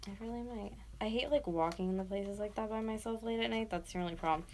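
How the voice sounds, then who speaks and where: A North American woman in her twenties livestreams late at night from home, chatting casually while doing art. Her mid-range voice moves at a quick pace, full of rambling and fillers, and she sometimes yells loudly to wake someone, over slight background noise.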